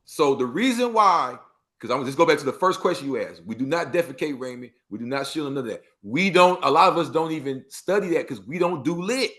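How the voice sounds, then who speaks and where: Animated Los Angeles man telling street stories. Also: fairly high pitch, fast talker. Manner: animated, acts out quoted street talk, heavy slang. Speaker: podcast guest. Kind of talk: casual storytelling interview.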